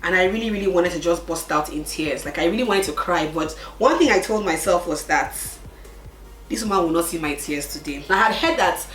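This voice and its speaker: Brief: young woman, lower voice, emotional storyteller, roomy echo with faint music. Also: lively intonation, fairly quick, a bit bright. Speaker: vlogger. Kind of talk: casual storytelling chat.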